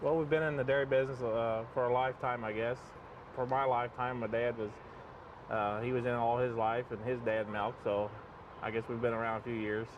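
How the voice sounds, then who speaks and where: Homespun middle-aged farmer, quick and distant. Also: male voice, mid-range voice, level tone, dull audio, background noise. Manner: rambling, homespun, with many fillers. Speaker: dairy exhibitor. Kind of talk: interview answers. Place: outdoor fair cattle barn.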